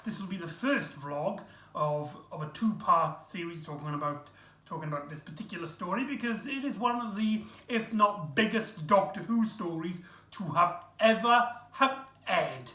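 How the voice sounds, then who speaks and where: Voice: medium pitch, expressive, moderate pace, sharp tone. Chatty vlogger in an echoey room. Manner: chatty, rambling, with many restarts and fillers. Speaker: vlogger host. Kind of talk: casual vlog review.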